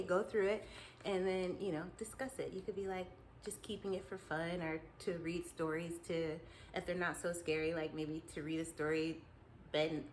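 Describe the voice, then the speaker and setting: A woman vlogger chatting with her viewers, telling her dreams in an animated way and laughing easily. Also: on the low side, slight background noise, rough recording. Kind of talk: casual storytelling to viewers.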